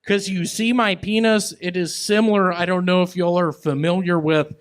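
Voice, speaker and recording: Slow and halting, a stand-up comic guest drawls his way through rambling, absurd material and banter at a comedy club, handheld mic in hand. His voice is high, smooth, and steady in tone.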